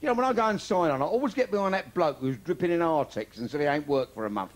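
A man's voice: fairly high pitch, expressive, fast. An older man from London with a Cockney accent, delivering a bawdy stand-up comedy routine in punchy one-liners. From London, England.

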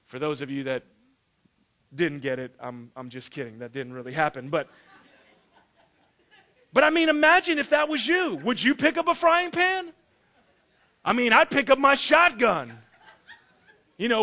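A man preaching a sermon, animated and joking, acting out the story in voices. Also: very high voice, normal speed, long pauses. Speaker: pastor.

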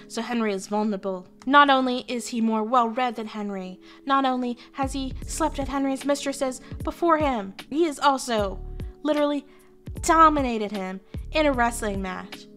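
A woman's voice: a little high, fairly bright tone. Irreverent, chatty woman telling history. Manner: irreverent, profane, chatty with lots of fillers. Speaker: history storyteller, virtual streamer. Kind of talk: casual comedic history storytelling.

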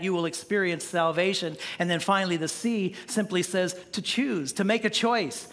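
High-voiced, bright-toned pastor preaching. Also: male voice, long reverb tail. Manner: conversational preaching with frequent restarts and stammered repeats. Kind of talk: sermon. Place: church sanctuary.

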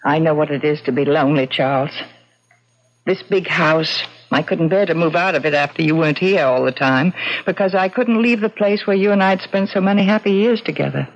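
A woman's voice: sits low, brisk. An actress playing a lonely widow who dotes on her ghost husband, in old-time radio drama style. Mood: doting. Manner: gushing, pleading, doting. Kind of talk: 1940s radio acting. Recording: muffled old radio broadcast.

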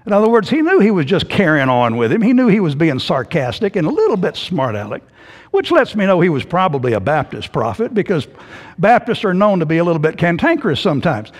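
A male pastor preaching a sermon, telling the story in an animated way and acting out the voices. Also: high voice, brisk. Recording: hall reverb.

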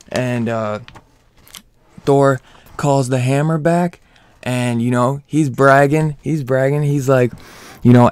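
A man's voice: medium pitch, steady tone, a little slow, a little mellow, smooth, dry recording. A man giving a casual comic book spoiler review, slangy and profane, hyped up and rambling with lots of restarts.

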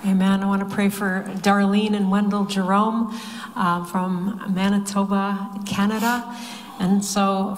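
A woman minister praying over named people with earnest, steady intercession. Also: mid-range voice, unhurried. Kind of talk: intercessory prayer. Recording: long hall reverb.

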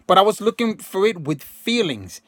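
A man's voice: sits high, big pitch swings, moderate pace, no echo, studio quality. A man talking casually and emphatically to his viewers in a rambling monologue, slipping into slang and acting out quotes. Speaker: self-help video host.

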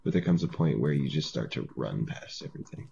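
Deep, dark-voiced man joking along. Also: animated, brisk, creaky, muffled recording. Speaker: co-player. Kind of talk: let's play commentary.

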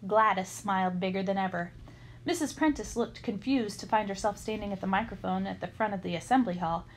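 A woman reading a children's chapter book aloud, her voice at an everyday middle pitch. She tells the story in a lively, expressive way. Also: brisk, a little hiss or hum, low-quality recording. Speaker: storybook reader.

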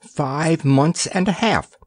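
A man's voice: on the high side, takes it slowly, a little mellow, no echo, clean studio sound, voice pushed up. Man voicing a haughty little boy. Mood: stern. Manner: stern, dignified. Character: proud little boy prisoner, haughty and weary.

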